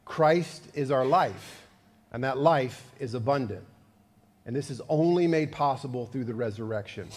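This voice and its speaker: A man's voice: mid-range voice, expressive, normal speed, long reverb tail. A male pastor giving a sermon, conversational and building to fervent emphasis. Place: church sanctuary.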